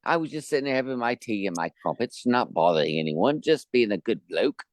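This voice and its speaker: A man's voice: mid-range voice, big pitch swings, brisk, dry recording, clean studio sound, close to an everyday voice. A man putting on an exaggerated stage-Cockney voice as an indignant English bloke. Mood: mock outrage. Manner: huffy, exaggerated mock outrage.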